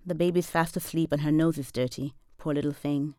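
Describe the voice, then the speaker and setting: A woman in her forties from Zambia reading a first-person literary story in a measured, deadpan, wry way. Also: sits low, no echo, clean studio sound. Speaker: professor and storyteller.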